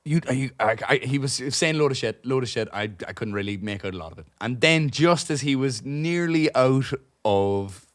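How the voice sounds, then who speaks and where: A young Irish man co-hosting a podcast, telling a profane, animated story full of asides. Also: medium pitch, moderate pace, few pauses, no echo, clean studio sound. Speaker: podcast co-host. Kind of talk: casual storytelling chat. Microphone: podcast studio microphone.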